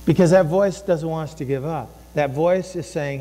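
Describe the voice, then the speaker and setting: A male pastor preaching with a fairly high voice, impassioned and given to repeating phrases. He slips into acted inner voices as he goes. His sermon rings through a church hall with a long, lingering reverb. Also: normal speed, warm tone. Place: church sanctuary.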